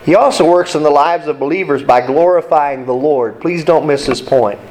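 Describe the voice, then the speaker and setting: A man's voice: on the high side, normal speed, background noise. A male pastor preaching an emphatic sermon, repeating key points and asking the congregation to read along.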